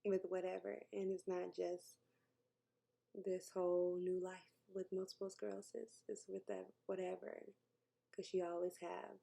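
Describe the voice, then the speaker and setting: A woman's voice: lowish voice, flat delivery, measured pace, creaky, mellow. A woman, talking candidly and emotionally to camera in a personal vlog, sometimes dropping to a near-whisper and laughing between thoughts. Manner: laughs between thoughts, jokes about her news. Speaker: vlogger.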